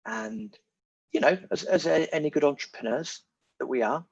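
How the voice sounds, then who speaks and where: A man, a podcast guest talking in a casual, animated and emphatic way, repeating his key words. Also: a little high, normal speed, creaky, husky. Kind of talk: casual conversation. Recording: muffled lo-fi audio.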